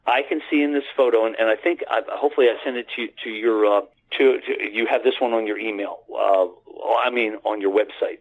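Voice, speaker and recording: A husky man telling a story over a tinny phone line. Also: lowish voice, fairly even intonation, fairly quick. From United States. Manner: rambling, earnest, repeats words and restarts, addresses the host by name. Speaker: guest. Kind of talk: casual storytelling on a phone-in radio show.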